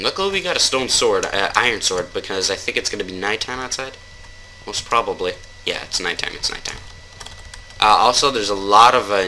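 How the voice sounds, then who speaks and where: A gamer with a low, bright, forceful voice gives casual let's-play commentary as he plays. He rambles and jokes, then keeps taking his jokes back. The low-quality recording has slight background noise.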